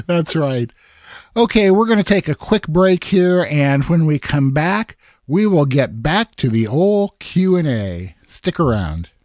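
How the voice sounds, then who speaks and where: A man's voice: a little high, sing-song, slow pace, a little mellow. A man co-hosting a podcast who chats casually with upbeat, chuckling reactions. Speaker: podcast co-host. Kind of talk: casual chat.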